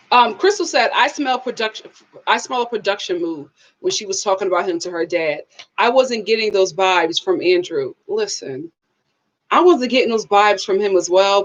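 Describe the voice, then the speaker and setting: A woman hosting a live TV review, talking in an expressive, animated way and responding to viewers. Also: medium pitch, highs cut off. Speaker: host of a TV review channel.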